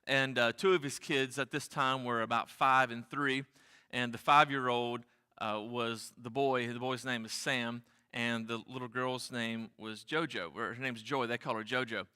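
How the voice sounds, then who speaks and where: A man's voice: medium pitch, steady tone, moderate pace, bright, forceful tone, smooth. A man preaching a sermon as pastor, speaking earnestly and repeating key phrases for emphasis. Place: church sanctuary. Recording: long church hall reverb.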